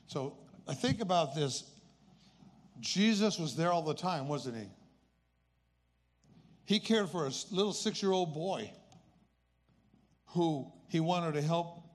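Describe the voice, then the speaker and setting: A man's voice: fairly high pitch, animated, measured pace, long pauses. A man in his eighties telling a personal story as a faith testimony in an earnest, conversational way. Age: 80s. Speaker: speaker sharing a personal testimony.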